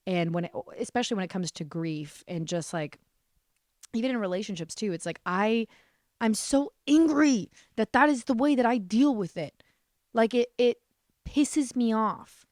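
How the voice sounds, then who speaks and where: A woman's voice: mid-range voice, no echo, studio quality. A woman in her twenties hosting her own podcast, rambling through a casual solo monologue, blunt and swearing freely, with many restarts. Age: 20s. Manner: blunt, swears freely, swings between deadpan and exasperated. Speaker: podcast host.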